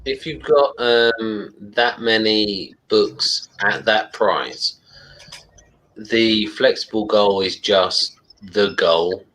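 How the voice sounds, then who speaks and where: A man's voice: lowish voice, extremely slow, a bit bright, low-quality recording. A man hosting a casual online chat and joking as he rambles along. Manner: jokey, rambling. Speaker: show host.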